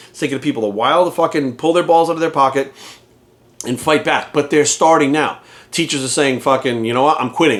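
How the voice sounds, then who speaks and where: A man with a fairly high voice rants to camera, heated and profane throughout. He drives every point home with repetition and blunt emphasis, talking like a fitness coach who has had enough. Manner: heated, profane, emphatic, repeats phrases for force. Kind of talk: ranting monologue to camera.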